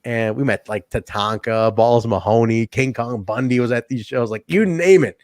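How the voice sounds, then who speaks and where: Man, podcast co-host, casual chat, profane, rambling, laughs often, mid pitch, dry. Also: moderate pace, darkish tone, dry recording.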